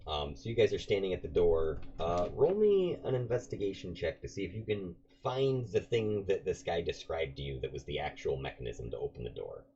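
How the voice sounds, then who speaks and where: A man with a very deep, gravelly voice runs a tabletop game, describing scenes in a loose, rambling way full of fillers. The recording sounds dull and lo-fi, with a faint hiss underneath. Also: big pitch swings, fairly quick, few pauses, dark tone. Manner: rambling, many fillers and restarts. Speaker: game master.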